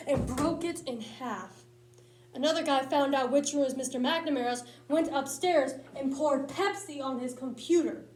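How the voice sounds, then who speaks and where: High-voiced woman performing a comic monologue. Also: roomy sound. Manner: lively, punchy comic storytelling. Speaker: speech tournament competitor.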